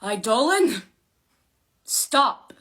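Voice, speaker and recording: Woman doing a fierce teen girl hero, shouting orders, high and loud, storybook reading. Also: expressive, normal speed. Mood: desperate. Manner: shouting, commanding. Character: desperate teenage girl demigod, defiant.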